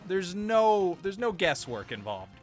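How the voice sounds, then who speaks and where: A man's voice: high voice, very animated, unhurried, soft background music. A man co-hosting a gaming podcast, talking loosely and swearing, often slipping into mock voices of game characters. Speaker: podcast co-host. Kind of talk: casual gaming podcast chat.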